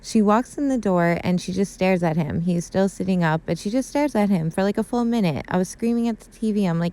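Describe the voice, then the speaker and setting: A woman's voice: medium pitch, brisk, hardly any pauses, mellow. A young woman, a YouTuber, chatting casually and emotionally through a recap of a TV episode, saying "like" and "super" a lot. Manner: gushing and emotional, heavy use of "like" and "super".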